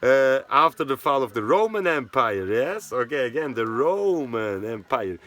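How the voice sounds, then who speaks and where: A man's voice: mid-range voice, big pitch swings, a little slow, a bit bright. A man with a Swiss German accent, a native Swiss German speaker from Switzerland, giving a rambling casual history talk with constant "yeah?" tag questions.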